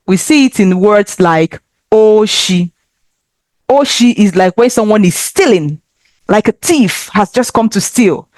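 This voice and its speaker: A woman teaching a children's language lesson, speaking slowly and with careful, encouraging enunciation. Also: medium pitch, expressive, darkish tone, no room sound, clean studio sound.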